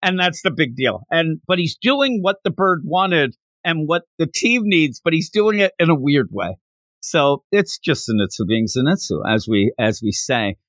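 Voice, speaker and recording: An animated man hosts a casual chat, with a voice that swings high and low. He sits close to a dry mic. He sits a bit high in his range. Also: moderate pace, no echo. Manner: animated, acting out characters, laughing. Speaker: podcast host.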